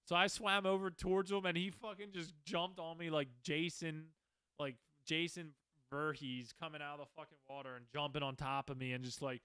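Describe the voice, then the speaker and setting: A man's voice: fairly high pitch, fairly bright tone, clear, resonant tone, no room sound. A man in his twenties, a podcast host, telling his own stories in a loose, rambling way, swearing often and restarting his sentences. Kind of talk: casual storytelling monologue.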